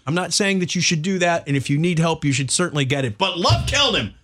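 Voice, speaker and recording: A man's voice: on the high side, lively intonation, fast talker, fairly bright tone. A man hosting a casual chat with friends, going off on mock-dramatic rants. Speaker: podcast host. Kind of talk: casual banter among friends.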